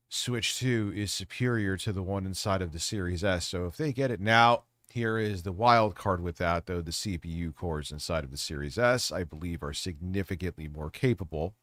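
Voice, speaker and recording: A man's voice: low voice, fairly bright tone, dry recording, clean studio sound. A man hosting a casual livestream, talking in a rambling, jokey, off-the-cuff way. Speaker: livestream host.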